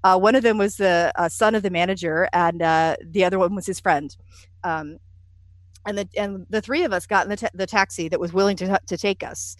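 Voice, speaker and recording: A woman being interviewed, telling travel stories in a lively, self-deprecating way with frequent fillers. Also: fairly low pitch, fairly quick, no echo. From United States. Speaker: interview guest. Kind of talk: conversational storytelling.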